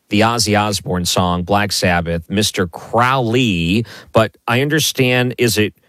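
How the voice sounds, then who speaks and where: A man's voice: on the low side, fairly bright tone, no room sound. A man hosting a late-night radio talk show, chatting in a friendly way and sometimes stumbling over his words. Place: home basement office.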